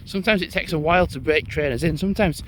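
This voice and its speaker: A young man vlogs casually while walking a moorland path outdoors, rambling and occasionally swearing. He speaks fast in a voice on the high side, with a little hiss or hum in the recording.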